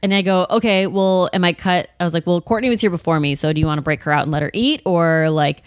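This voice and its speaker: A woman in her thirties chatting on a podcast, telling work stories in a lively way and acting out the people in them. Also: lowish voice, quick pace, clean tone, no echo, clean studio sound. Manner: animated storytelling, acts out bar customers and managers. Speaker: comedian guest. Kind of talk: casual podcast chat.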